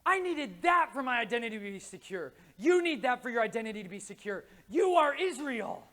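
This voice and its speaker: Man, high voice, conference speaker, impassioned preaching, hushed to shouting. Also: big pitch swings, a little fast. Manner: swings from hushed asides to shouted pleas; casual slang mixed with preaching. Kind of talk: impassioned religious talk. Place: conference stage.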